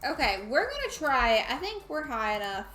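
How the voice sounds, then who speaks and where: A woman's voice: high-pitched, big pitch swings, moderate pace, pushed and bright, echoey room, soft background music. A woman playing a life simulation game, chatting playfully and scolding her characters. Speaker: gamer streaming a life sim. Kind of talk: casual let's play commentary.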